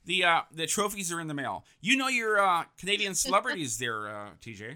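A man's voice: a little high, big pitch swings, fairly quick, sharp tone. A man hosting a casual celebrity quiz, upbeat and encouraging as he reads names off a list. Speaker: host.

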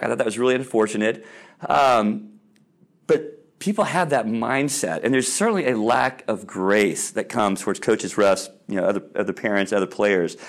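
A middle-aged man with a medium-pitched voice gives a faith-based talk about sports parenting. He tells stories animatedly and keeps checking in with listeners by asking "all right?"

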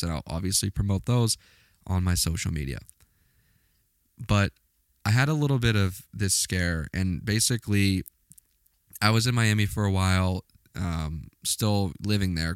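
A man's voice: deep voice, no room sound, clean studio sound. A man hosting his own podcast, talking casually and earnestly in a motivational way, often repeating himself for emphasis. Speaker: podcast host. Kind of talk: casual solo podcast talk.

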